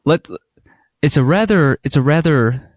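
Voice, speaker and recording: Animated male podcast host telling stories. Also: a little high, measured pace, no echo, studio quality. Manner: animated storytelling, acts out quoted exchanges. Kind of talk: casual podcast chat.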